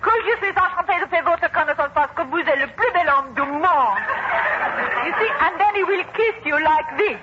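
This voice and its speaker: A woman's voice: extremely high pitch, lively intonation, fairly quick, dull audio. An actress playing a flirtatious French woman language teacher with a French accent, in theatrical 1940s radio comedy acting, on a hissy broadcast recording with a live audience. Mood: coquettish.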